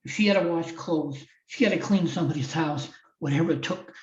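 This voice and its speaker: Talking fairly quickly in a darkish, fairly high voice, the older Iowa guest, a past wrestling champion turned motivational speaker, relates a heartfelt tale on a podcast with frequent restarts. Distant, roomy, slightly dull audio captures him.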